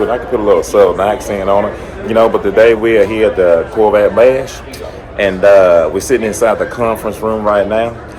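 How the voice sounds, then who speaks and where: A man from the American South, hoarse, hosting a car vlog in an upbeat, chatty way that speaks straight to his viewers. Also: fairly low pitch, steady tone, a little fast, over music. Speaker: car channel host. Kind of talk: casual vlog talk to camera. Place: conference room at a car event.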